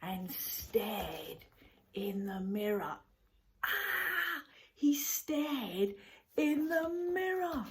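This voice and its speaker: A woman reading a story aloud to a group, saying each phrase slowly and repeating it, often in a whisper, and playing up the characters' lines. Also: lively intonation, low-quality recording. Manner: plays up the characters' lines with big jumps in pitch and loudness.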